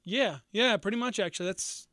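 High-voiced man. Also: moderate pace, bright, forceful tone, no echo, clean studio sound. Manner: rambling, self-correcting storyteller. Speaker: podcast co-host. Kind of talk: casual podcast chat.

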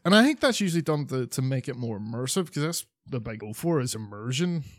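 A man's voice: medium pitch, very animated, quick pace, no echo, studio quality. A man co-hosting a podcast, chatting casually and rambling with lots of swearing, fillers and restarts. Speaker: podcast co-host.

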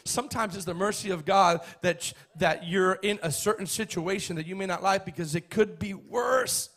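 High, bright-voiced preaching man. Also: fairly even intonation, moderate pace. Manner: emphatic, repetitive, builds to shouts. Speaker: pastor. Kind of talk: sermon.

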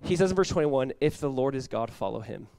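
A young man preaching a sermon as pastor, casual and animated, peppered with "like" and quick laughs. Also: medium pitch, smooth, dry recording.

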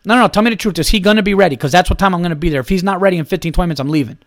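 A man's voice: high voice, very fast, dry recording, studio quality. A man in his thirties hosting a podcast, ranting in a profane, exasperated comic monologue and mimicking other people. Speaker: podcast host.

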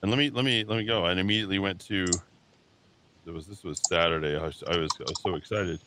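A man's voice: deep voice, fast talker, noisy background. A man hosting a talk radio show, delivering a heated, combative monologue in a radio studio. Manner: combative, heated, mocks callers with put-on voices.

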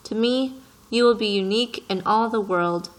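A woman voicing a wise, patient male fox in a storybook, reading in a gentle, earnest way. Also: on the high side, moderate pace, lightly acted, poor audio.

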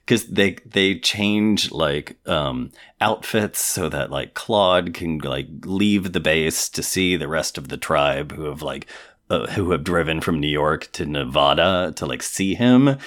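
A man's voice: very deep voice, slow, a bit bright. A man co-hosting a podcast in casual chat, telling a long story and filling his speech with "like". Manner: rambling storyteller, fills speech with "like".

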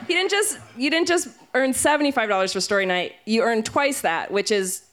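A woman's voice: on the high side, animated, a little fast, fairly bright tone. A woman hosting a live storytelling event, chatting casually and laughing often. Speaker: event host. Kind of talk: casual emcee banter. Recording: live event with audience noise.

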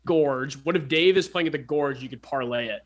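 A man's voice: mid-range voice, a little fast. A man co-hosting a casual sports podcast, joking and rambling with many fillers and restarts.

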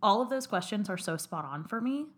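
A woman's voice: medium pitch, animated, fairly quick. A young adult woman co-hosting a casual chat, talkative, swearing casually and laughing often. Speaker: podcast co-host.

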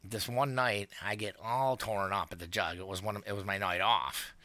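Bright-voiced man rambling casually. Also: fairly low pitch, moderate pace, no room sound. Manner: relaxed, rambling with many "uh" and "um". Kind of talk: casual storytelling chat.

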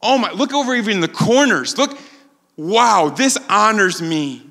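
A man preaching a sermon as pastor, animated and acting out the quotes he tells. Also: sits high, moderate pace, long reverb tail. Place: church sanctuary.

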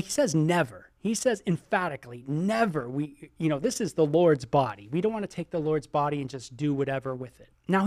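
Middle-aged man, pastor, fairly high voice, preaches in an animated, chatty way, close dry sound. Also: no room sound. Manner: animated, exclaims and voices imagined listener reactions; many ums and you-knows. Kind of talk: sermon teaching.

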